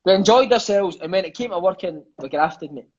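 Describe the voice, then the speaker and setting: This Scottish guest in his thirties is a former footballer who spins stories in a relaxed interview, talking briskly in a high voice. He's an animated, chatty raconteur who swears freely and scatters "mate" throughout. The audio is dull and lo-fi.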